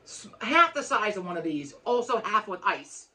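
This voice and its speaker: A woman's voice: medium pitch, very animated, normal speed, heavy background noise. A woman co-hosting a podcast, telling a long story in casual chat, frank and swearing freely with many restarts. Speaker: podcast co-host.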